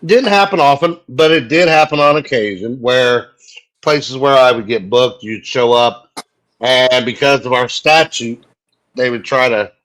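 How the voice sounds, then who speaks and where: Man host, mid-pitched, relaxed casual questioning. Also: rough recording. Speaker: podcast host.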